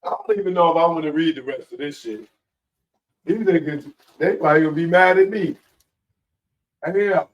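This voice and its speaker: A man, hosting a live commentary show in a casual, animated way that keeps repeating his points. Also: fairly high pitch, normal speed, long pauses, dull audio. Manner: animated, laughing, repeats himself.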